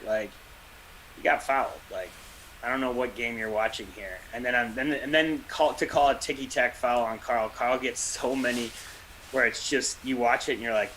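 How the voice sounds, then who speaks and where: A man's voice: medium pitch, a little fast, fairly bright tone, a little hiss or hum, poor audio. A man co-hosting a fan podcast in casual chat, rambling with dry jokes. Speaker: podcast co-host.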